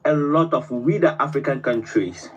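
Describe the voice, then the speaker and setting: A man's voice: mid-range voice, animated, normal speed, husky, lo-fi sound. A man from Ghana, calling in with a fervent, speech-like plea. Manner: fervent, builds to oratory. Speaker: caller. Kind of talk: impassioned call-in speech.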